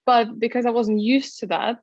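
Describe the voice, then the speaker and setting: A woman's voice: on the high side, flat delivery, moderate pace, a little mellow, no echo, highs cut off. A woman working as a travel guide, chatting casually in an interview with many fillers and restarts. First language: not English. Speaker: travel content creator and tour guide.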